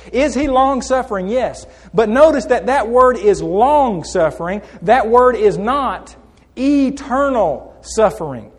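A man preaches a sermon in a church. His voice sits high, and it echoes with long reverb through the hall. He asks the congregation questions, answers them himself and repeats phrases for emphasis.

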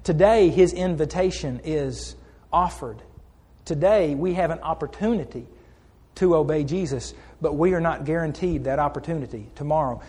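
A man preaches a sermon in a church. His voice sits high, and it echoes with long reverb through the hall. He asks the congregation questions, answers them himself and repeats phrases for emphasis. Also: darkish tone, husky.

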